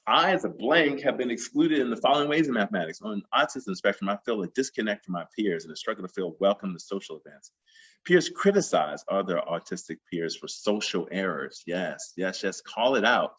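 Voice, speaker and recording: A man's voice: fairly low pitch, animated, fairly quick, fairly bright tone, husky, highs cut off. A man giving a plenary talk at a math conference, passionate and emphatic, repeating phrases for emphasis. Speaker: plenary speaker.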